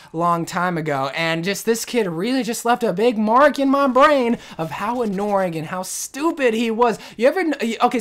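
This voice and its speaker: A woman gaming commentator telling a storytime rant in a casual, slangy, animated way. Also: mid-range voice.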